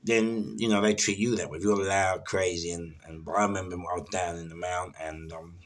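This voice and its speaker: A man's voice: sits low, steady tone, fairly quick. A middle-aged man, telling stories about his past in a rambling, casual way and often stuttering and repeating words. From London. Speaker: former prisoner telling stories. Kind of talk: casual storytelling.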